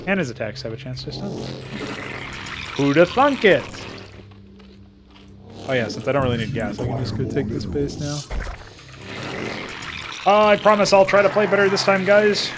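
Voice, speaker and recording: A man's voice: on the high side, expressive, moderate pace, long pauses, background noise. Self-mocking young man swearing. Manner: self-mocking, swears a lot, laughs often. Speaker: game designer reviewing his own campaign. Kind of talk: casual gameplay commentary.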